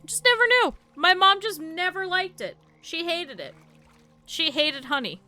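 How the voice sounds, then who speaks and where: A woman's voice: extremely high pitch, lively intonation, unhurried, sharp tone, soft background music. A young adult woman streaming a game, chatting casually and rambling through stories with lots of laughter. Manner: rambling storyteller, laughs a lot. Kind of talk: casual chat while gaming.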